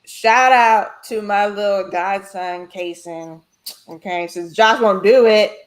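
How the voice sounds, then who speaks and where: A woman's voice: medium pitch, slow. A woman co-hosting a casual sports podcast, teasing and outspoken. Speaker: podcast co-host.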